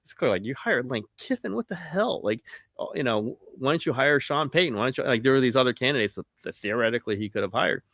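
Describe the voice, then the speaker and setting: A sports columnist in his fifties recounts anecdotes with animated, laughing energy. His voice is bright and forceful, recorded close and dry with no room sound. He slips into quoted voices as he goes. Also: mid-range voice, fast, creaky, no echo. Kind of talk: casual podcast storytelling.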